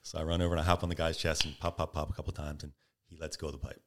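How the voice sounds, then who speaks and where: A man's voice: rumbling low, very fast, slight background noise. A man guest on a podcast, casually telling a story and acting out quotes with energy. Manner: animated storyteller, acts out quotes.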